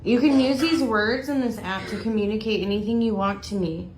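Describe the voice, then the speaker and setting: A woman on a ghost hunt, gently asking a spirit questions. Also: medium pitch, brisk. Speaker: ghost hunter. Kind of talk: calling out to a spirit. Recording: echoey room with loud noise.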